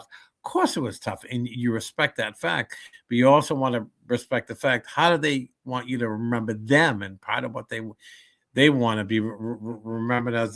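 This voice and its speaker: A man who works as a comedian and motivational speaker, talking in a casual podcast interview. He tells animated stories, acts out the people he quotes, and often restarts his sentences while thinking. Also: mid-range voice, moderate pace. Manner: frequent restarts and stammers when thinking.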